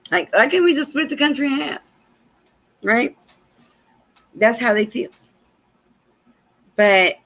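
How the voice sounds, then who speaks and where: A woman's voice: slow pace, long pauses. A woman from hosting a casual live talk show from home, telling stories animatedly and laughing often. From Chicago, USA. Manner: animated storyteller with big pitch swings, laughs often. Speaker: host and minister.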